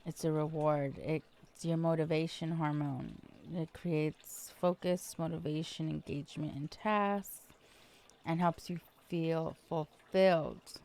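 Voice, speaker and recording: Slow, gravelly-voiced woman chatting casually. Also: low-pitched, steady tone, darkish tone. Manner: chatty, rambling, self-deprecating, many fillers. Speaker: podcast host. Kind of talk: casual solo podcast chat.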